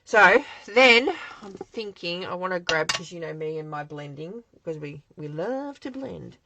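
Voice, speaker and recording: A woman's voice: fairly low pitch, lively intonation, measured pace, pushed and bright, slight background noise, rough recording. An Australian woman hosting a live craft demonstration from her home craft shed, chatting in a rambling way and answering viewer comments as she works.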